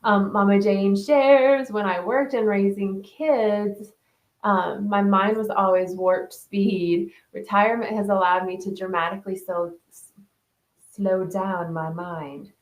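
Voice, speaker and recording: A woman's voice: mid-range voice, fairly even intonation, takes it slowly. A woman hosting a live online wellness group, chatting casually as she reads out participants' comments and answers them. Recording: roomy echo.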